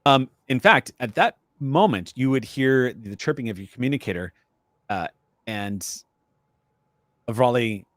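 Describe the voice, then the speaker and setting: A man running a tabletop role-playing game as game master, narrating in a measured, descriptive way. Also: mid-range voice, expressive, a bit bright, no echo, clean studio sound.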